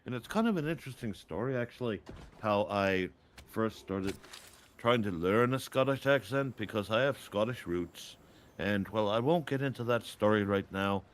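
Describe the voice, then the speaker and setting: A man with a low voice chats loosely as a stream guest. He rambles, trails off and laughs often. A faint noise floor runs under the talk. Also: expressive, moderate pace. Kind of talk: casual stream chat.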